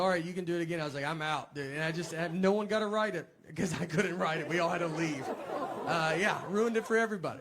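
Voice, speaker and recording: A middle-aged comedian, telling stories in a deadpan, self-deprecating way and laughing through them. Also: male voice, high-pitched. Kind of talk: casual comic storytelling. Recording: noisy background hiss.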